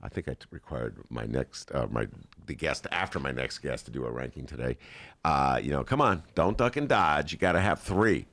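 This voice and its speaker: Podcast host, man, very low gravelly voice, lively swings in pitch, rambling, faint music behind. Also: normal speed, no room sound. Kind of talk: casual talk-show chat and read ad.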